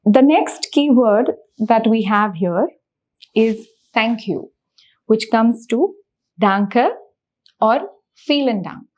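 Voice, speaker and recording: A woman's voice: on the high side, a little mellow. A woman teaching a language lesson, patiently repeating words and breaking them into syllables. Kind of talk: slow spoken language lesson.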